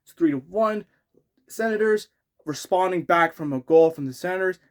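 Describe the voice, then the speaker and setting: A man's voice: sits high, normal speed, clean tone. Exasperated man ranting about hockey. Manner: exasperated, rambling, frequent restarts and outbursts. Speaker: hockey fan ranting on his channel. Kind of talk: unscripted sports rant.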